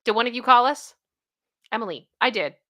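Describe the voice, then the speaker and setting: A woman in casual commentary, reading stories aloud and then breaking in with her own reactions. Her voice is bright and sits a little high. She swings from steady reading to loud disbelief. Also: a little fast. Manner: animated, reads quotes aloud with outbursts of disbelief and laughter.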